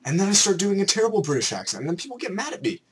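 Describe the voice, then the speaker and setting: A young man from Canada rants at a quick, excitable clip, his voice sitting a little high. He tosses in playful mock voices. A faint hiss runs under the recording. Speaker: vlogger. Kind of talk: ranting vlog.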